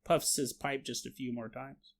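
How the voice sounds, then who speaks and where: A man hosting a podcast, telling a story in a casual, animated, jokey way and acting out the sound effects and the quotes himself. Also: medium pitch, moderate pace, vocal fry. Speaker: podcast host.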